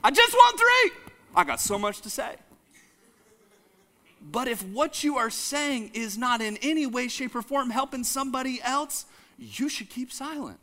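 A man preaching a sermon, animated, joking and calling the congregation to say lines back. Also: sits high. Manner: jokes and laughs with the audience. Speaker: pastor.

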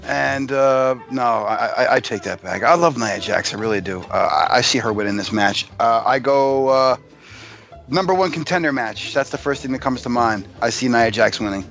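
A man co-hosting a wrestling podcast in casual chat, blunt and quick to get angry. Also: medium pitch, a bit bright, dull audio, soft background music. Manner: blunt, gruff, the angry one. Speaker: podcast co-host.

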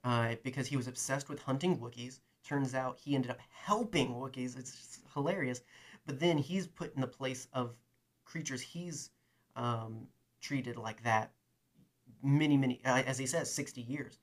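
A man's voice: mid-range voice, normal speed. Enthusiastic, rambling man. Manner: enthusiastic, rambling, many fillers. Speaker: podcast host. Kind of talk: casual chat and reading aloud.

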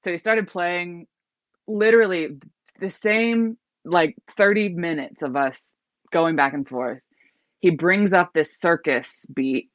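A singer-songwriter telling a story in an interview, rambling along with lots of "like" and restarted thoughts. The voice sits at a middle pitch and sounds dry and close. The recording is muffled and lo-fi. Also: takes it slowly, a bit bright, no echo. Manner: rambling, full of likes and restarts. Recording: dull lo-fi recording.

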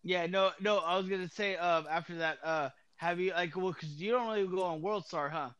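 A man in casual chat, rambling and halting, with lots of fillers and restarts. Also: sits high, fairly bright tone, smooth, lo-fi sound.

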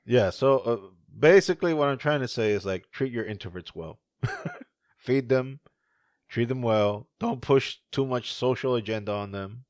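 A man co-hosting a podcast in casual chat, animated and profane, laughing often. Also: mid-range voice, normal speed, dry recording, clean studio sound. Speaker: podcast co-host.

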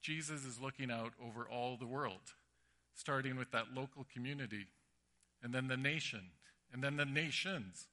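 Bright, forceful preacher telling stories. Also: male voice, medium pitch, moderate pace. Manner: animated storytelling with acted-out voices. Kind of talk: sermon.

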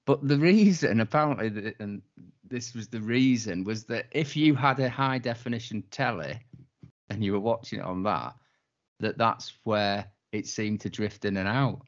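A man in a relaxed podcast chat, telling his side of things in a wry, unhurried way with the odd swear word. His voice sits in an ordinary middle range. The audio is dull and lo-fi. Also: on the low side. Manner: wry, laid-back, swearing. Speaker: podcast co-host. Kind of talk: casual chat. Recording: dull lo-fi sound.

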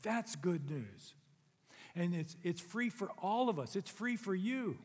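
A middle-aged man with a high voice preaches to his congregation, talking in an earnest, conversational way that swells into emphatic peaks. His words ring out with the long reverb of a big church hall. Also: normal speed, a little mellow. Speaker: pastor. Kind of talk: sermon. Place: church sanctuary.

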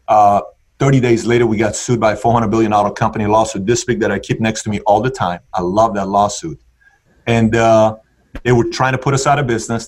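A man's voice: fairly low pitch, a little hiss or hum. A man on a podcast as a guest, telling his story with emphasis and acting out what people said in different tones. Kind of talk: animated personal storytelling.

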